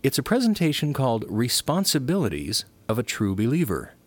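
A man giving the scripted introduction to a radio program in a lively announcer's delivery. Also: medium pitch, fairly quick.

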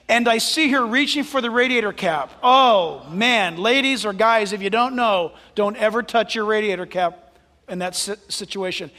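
High, lively-voiced man preaching in a reverberant hall. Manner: animated storytelling, dropping to soft asides. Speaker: pastor. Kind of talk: sermon.

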